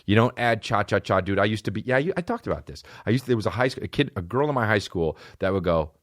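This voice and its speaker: A man's voice: fairly low pitch, lively intonation, quick pace, no room sound, clean studio sound. A man in his thirties hosting a comedy podcast, ranting in a casual, profane way and mimicking people in mocking voices. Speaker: podcast host.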